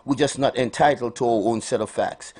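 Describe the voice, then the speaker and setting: A man's voice: mid-range voice, fairly quick, darkish tone, breathy edge. A man hosting a live morning radio health show, calling out cheerful greetings and giving preachy asides. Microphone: studio microphone.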